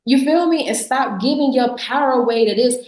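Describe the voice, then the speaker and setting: A woman's voice: high-pitched, fairly quick, darkish tone. A woman guest on a podcast, talking bluntly and sarcastically with lots of emphasis and frequent laughs. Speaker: podcast guest, business founder. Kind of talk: casual interview talk. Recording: echoey room.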